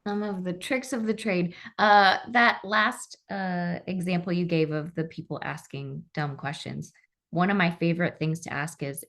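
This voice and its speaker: A woman's voice: lowish voice, fairly even intonation, normal speed, fairly bright tone. A woman co-hosting a workplace podcast, talking reflectively and thinking aloud as she explains. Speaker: podcast co-host. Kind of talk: casual podcast discussion.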